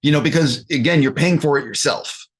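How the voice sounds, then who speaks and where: A man interviewing a guest, asking relaxed, curious questions and swearing now and then. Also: a little high, brisk, husky.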